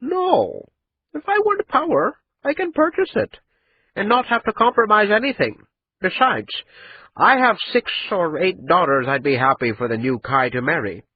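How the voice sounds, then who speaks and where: A man voicing an old, fat, rich merchant who is boastful and shrewd, with a husky, booming delivery. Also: animated, normal speed, hardly any pauses, no room sound, narrow, tinny audio. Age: older.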